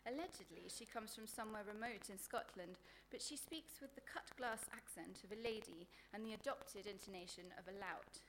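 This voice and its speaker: At a live book event, a woman reads her own comic prose over a faint background hiss. Her medium-pitched voice moves at a moderate pace with few pauses, sardonic and deadpan as she delivers crude insults with dry relish.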